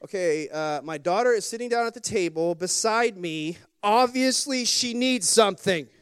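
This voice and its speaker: A man's voice: high-pitched, expressive, moderate pace, fairly bright tone, smooth. A man preaching a sermon as a pastor in a church, talking in a conversational storytelling way, with lots of repetition and calls for the congregation to respond.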